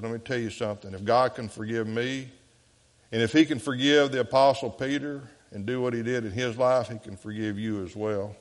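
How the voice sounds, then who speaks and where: A man's voice: steady tone, brisk. Man preaching in an echoey church. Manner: dynamic preaching, swinging between loud emphatic bursts and soft low passages. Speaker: pastor. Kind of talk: sermon. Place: church sanctuary.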